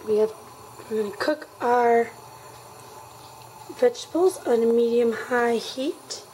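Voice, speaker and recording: A woman's voice: fairly high pitch, takes it slowly, dark tone, a little hiss or hum, rough recording. A woman hosting a home cooking video, chatting playfully with jokey asides while she chops and stirs in her kitchen. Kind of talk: casual cooking demo.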